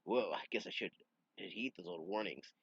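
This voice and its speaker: A man doing a low, muttering echidna hero. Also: normal speed, vocal fry, a bit bright, husky, no room sound, exaggerated voice. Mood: wry. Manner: low, muttering, laid-back. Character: gruff young male echidna adventurer. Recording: dull dry home recording.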